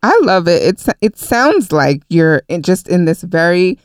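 A woman's voice: fairly low pitch, very animated, a little slow, no room sound, clean studio sound. A woman in her thirties hosting a podcast, upbeat and frank in casual chat. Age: 30s. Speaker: podcast host.

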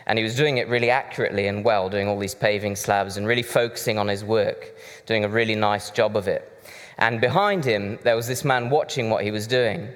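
A man's voice: fairly low pitch, fairly even intonation, brisk, a bit bright. A man preaching a sermon, conversational and chatty with side remarks. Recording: reverberant hall.

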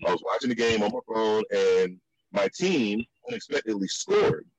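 A man from the Virginia and DC area telling stories in a casual chat, with many restarts and high jumps in pitch for the quotes. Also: very animated, moderate pace, vocal fry, no room sound, muffled recording. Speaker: guest.

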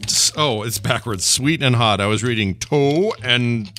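A man's voice: mid-range voice, a little slow, fairly bright tone, soft background music. A middle-aged man co-hosting a podcast in casual chat, joking and rambling, with mock rants. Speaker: podcast co-host.

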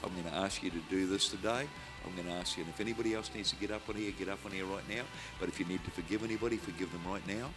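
A man preaching, telling a lively story and acting out the voices, then praying fervently over a crowd. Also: sits low, rapid-fire, few pauses. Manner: animated storyteller, acts out voices, ends in loud fervent prayer. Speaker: evangelist preacher. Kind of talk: sermon with storytelling and prayer. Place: stage before a crowd. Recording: music playing behind.

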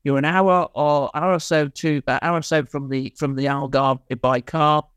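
A man's voice: a little high, fairly even intonation, moderate pace, fairly bright tone, clean tone, dry recording. A man, a podcast guest, chatting casually and telling rambling, self-mocking stories with many restarts. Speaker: podcast guest, insolvency consultant. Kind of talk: casual storytelling chat.

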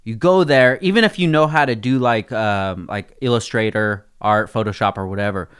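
A man's voice: on the low side, normal speed, a bit bright, smooth. A young man hosting a podcast in casual chat, laid-back and full of swearing, talking straight to his listeners. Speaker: podcast host.

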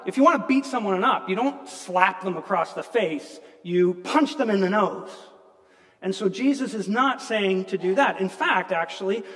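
A man's voice: sits high, fairly bright tone. A male pastor preaching a sermon in a church, earnest and conversational, with self-deprecating asides. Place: church sanctuary. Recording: long church reverb.

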